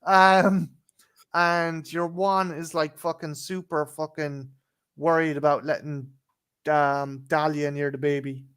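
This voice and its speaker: A man's voice: a little high, flat delivery, slow, fairly bright tone, smooth. A man co-hosting a casual film review, recapping the plot with sarcastic, profane remarks. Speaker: podcast co-host.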